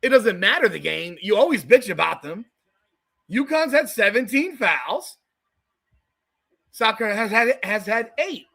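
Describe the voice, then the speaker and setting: A man with a high, bright voice delivers heated, profane watch-party commentary. He swings widely in pitch as he rants. He hosts a live podcast stream. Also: very animated, normal speed, creaky, long pauses. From South Florida. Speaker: podcast host.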